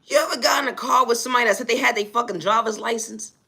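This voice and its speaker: A woman's voice: a little high, rapid-fire, bright, forceful tone, slightly rough. A woman telling a comic story as an exasperated, profane rant, often breaking into laughter. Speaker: vlogger.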